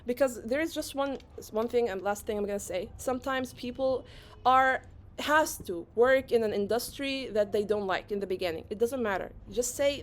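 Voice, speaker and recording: A woman whose first language is Arabic, giving a fast-paced, energetic motivational talk at an online conference and repeating phrases for emphasis. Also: a little high. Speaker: conference speaker. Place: online session.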